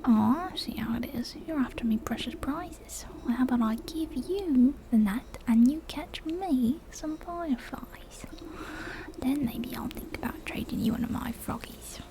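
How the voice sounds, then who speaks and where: A man's voice: very high voice, unhurried. A woman voicing a cheeky, scruffy boy who hoards frogs, talking brash and slangy in a whispered role-play.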